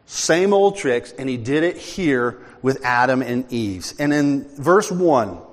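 An older man preaching a sermon in an animated, conversational way, acting out bits of dialogue. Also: medium pitch, slow, big-room sound. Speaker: pastor.

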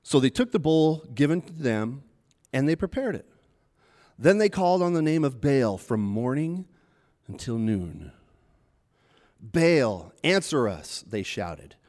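A man's voice: mid-range voice, big pitch swings, a little slow, dark tone. A man preaching a sermon in a chatty, conversational way, retelling a story and acting out the taunts with a rising voice.

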